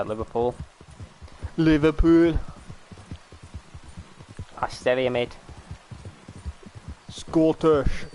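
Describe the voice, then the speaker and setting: A man's voice: medium pitch, slight background noise, poor audio. Rambling British man streaming. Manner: rambling, swears, laughs easily. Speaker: live streamer. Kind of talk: casual live stream chat.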